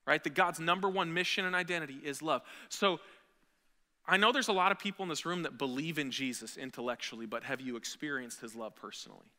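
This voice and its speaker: A man preaching a sermon as a pastor, earnest and building to loud, emphatic peaks. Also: fairly high pitch, fast talker. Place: church sanctuary. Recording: long hall reverb.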